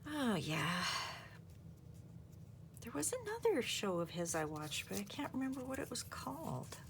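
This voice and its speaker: Working on a project in her craft video, a woman rambles casually and thinks out loud as she goes. Her voice is on the high side and sing-song, a little slow, with slight background noise behind it.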